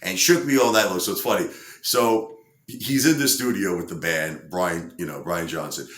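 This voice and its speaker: A man's voice: low voice, moderate pace, fairly bright tone, echoey room. A man casually telling a story with lots of fillers, acting out quotes in other voices. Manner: rambling, many fillers, acts out quotes. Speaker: entertainer storyteller.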